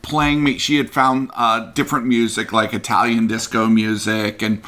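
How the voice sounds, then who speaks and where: A man co-hosting a podcast in casual chat, excitable, with quick asides and exclamations. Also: lowish voice. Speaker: podcast co-host.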